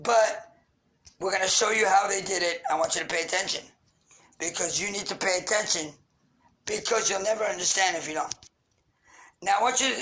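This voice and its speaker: A man's voice: sits high, a bit bright, poor audio. A man rants into the camera, angry and accusatory. He fires off grievances and insults in a raw, unscripted monologue. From Queens, New York. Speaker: vlogger. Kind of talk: ranting monologue.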